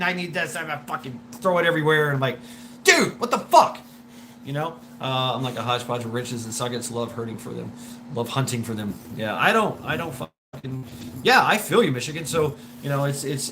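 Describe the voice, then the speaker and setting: Over a rough recording with a little hiss or hum, a man with a slightly high, sharp voice hosts a casual livestream. He swears plenty, rambles, and stammers while responding to viewers, sounding wheezy like a smoker.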